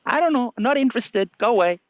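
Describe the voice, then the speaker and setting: A man's voice: very high voice, expressive, fast talker, dry recording, lo-fi sound, voice pushed up. A man voicing a little old gray monkey who answers in short, dismissive, uninterested replies in a storytelling vlog.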